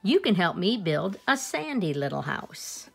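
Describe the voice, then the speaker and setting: A cheerful little fish brother from a storybook, played by a woman reading aloud. He sounds reassuring and friendly, slightly raised in pitch. A gravelly texture runs under the voice. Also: very animated, unhurried, faint music behind, heavily acted.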